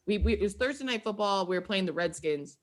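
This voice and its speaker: A woman guest on a podcast, telling stories in a lively, chatty way, laughing often and acting out quotes. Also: medium pitch, fast. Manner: animated, laughs often, acts out quoted voices. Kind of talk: casual storytelling chat.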